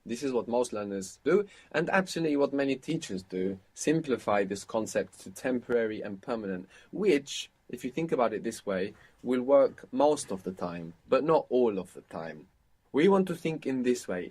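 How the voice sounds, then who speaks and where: A man's voice: medium pitch, very animated, normal speed, darkish tone, slightly rough. A man teaching a language lesson, patiently explaining and prompting his learner to repeat.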